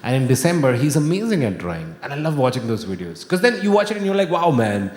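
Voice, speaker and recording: Animated Indian man doing stand-up in a hall. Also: fast talker. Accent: Indian English. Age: 30s. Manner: animated, acts out friends in sudden high-pitched bursts. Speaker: stand-up comedian. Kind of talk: stand-up comedy set. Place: large venue with live audience. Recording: echoey hall with audience noise.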